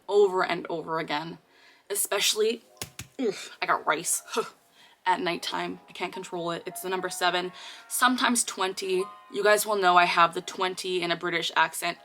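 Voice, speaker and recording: Creaky young woman chatting to camera. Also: mid-range voice, fairly bright tone. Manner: chatty, explaining with filler words. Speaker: video creator. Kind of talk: casual talk to camera.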